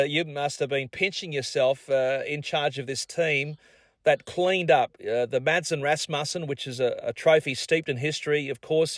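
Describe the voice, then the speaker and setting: A man's voice: on the high side, no room sound. Upbeat Australian radio host man. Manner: upbeat, leading questions. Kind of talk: radio interview.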